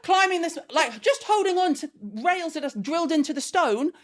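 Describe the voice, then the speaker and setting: A woman's voice: extremely high pitch, expressive, moderate pace. Blunt, swearing middle-aged woman storyteller. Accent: Scouse and West London mix. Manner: blunt, swears freely, acts out voices of family. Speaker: guest, skincare founder. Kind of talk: animated storytelling in casual chat.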